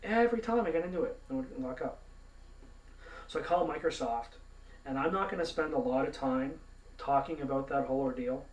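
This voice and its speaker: A Canadian man rants to camera about gaming, mouthy, indignant and free with curse words. His voice sits at a middling pitch. It is recorded in a roomy space with the mic some distance off. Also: animated, fairly quick. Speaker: gaming vlogger. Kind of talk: ranting monologue to camera.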